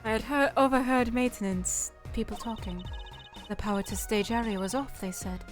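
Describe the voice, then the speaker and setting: A woman doing a calm, formal blind female singer. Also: fairly high pitch, normal speed, over music, lightly acted. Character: soft-spoken blind adult female singer. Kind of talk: fan voice acting of a game.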